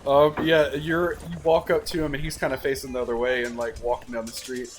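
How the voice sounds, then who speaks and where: A man narrating as game master in a relaxed, laughing way, full of casual fillers. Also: mid-range voice, brisk, noisy background.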